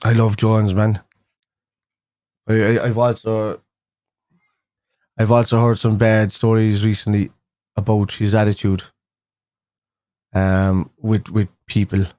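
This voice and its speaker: A man's voice: on the low side, little pitch movement, slow, long pauses, warm tone, no echo, clean studio sound. A young man hosting a casual fan live stream, chatting loosely with viewers and rambling through restarts and fillers. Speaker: fan show host.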